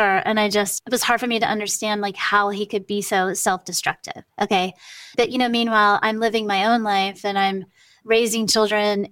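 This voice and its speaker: A woman's voice: medium pitch, fairly bright tone, dry recording. A middle-aged woman hosting a podcast, telling a personal family story in a candid, conversational way and acting out the dialogue. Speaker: podcast host.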